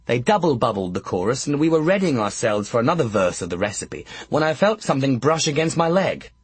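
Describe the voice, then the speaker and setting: A man's voice: medium pitch, very animated, brisk, slightly rough, no room sound. A man narrating an audiobook with a wry, dry comic delivery, close to the mic.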